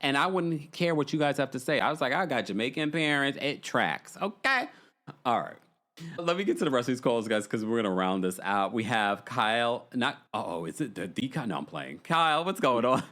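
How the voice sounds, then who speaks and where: A man's voice: mid-range voice, fairly quick. A man hosting a casual call-in show, reading viewer messages aloud and joking. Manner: animated, jokey, reads messages aloud. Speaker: host of a call-in gossip show.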